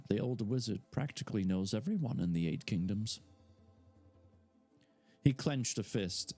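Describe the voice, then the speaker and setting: A man's voice: lowish voice, darkish tone. A man reading a fantasy novel aloud live, narrating with casual asides. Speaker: audiobook reader.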